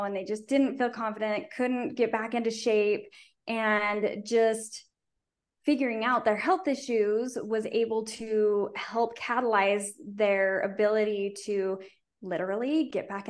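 A middle-aged woman from rural Utah, a guest in a casual interview, telling stories earnestly and talkatively with frequent restarts. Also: mid-range voice.

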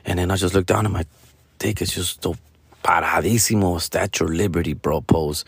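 A man's voice: sits low, steady tone, a little fast, creaky, breathy edge, no echo. A man hosting his own comedy podcast, telling a rambling, profane story and calling his listeners fool and bro. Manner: loose, rambling, heavy swearing, calls listeners fool and bro. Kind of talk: casual profane storytelling monologue.

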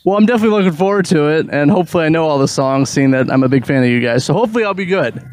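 A man's voice: on the high side, animated, very fast, a little mellow, no echo. A man hosting a casual interview with a band, loose and chatty, laughing easily. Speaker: podcast interviewer.

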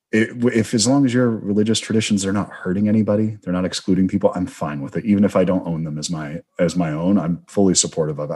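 A man hosts an interview with a film director and muses at length, circling his points thoughtfully. His voice sits very low and has a slightly husky edge. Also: darkish tone. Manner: thoughtful, rambling, reflective. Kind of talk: conversational interview.

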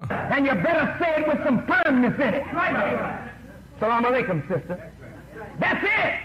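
A man preaching a fiery sermon, shouting and scolding bluntly. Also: very high-pitched, very animated, moderate pace. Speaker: minister. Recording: lo-fi archival lecture tape with loud crowd and noise.

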